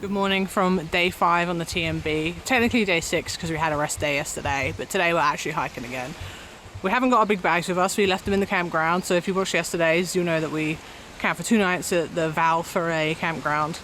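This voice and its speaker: Relaxed young woman vlogging outdoors. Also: lowish voice, brisk, a little hiss or hum. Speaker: travel vlogger. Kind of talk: casual travel vlog. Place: outdoors in a town and on a trail.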